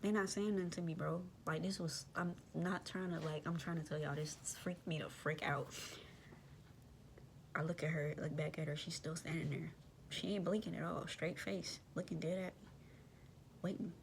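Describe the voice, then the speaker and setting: Young woman telling a story, low and gravelly. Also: normal speed, a little hiss or hum. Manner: animated, slangy, addresses listeners as y'all. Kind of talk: casual storytelling.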